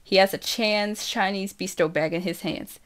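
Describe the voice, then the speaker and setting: A woman reading a first-person novel aloud as an audiobook, unhurried and even. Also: mid-range voice, clear, resonant tone. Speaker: audiobook reader.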